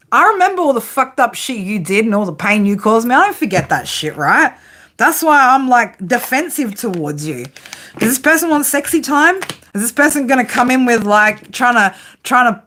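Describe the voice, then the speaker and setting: Casual woman tarot reader, a touch high, profane and blunt, laughs a lot. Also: bright, forceful tone.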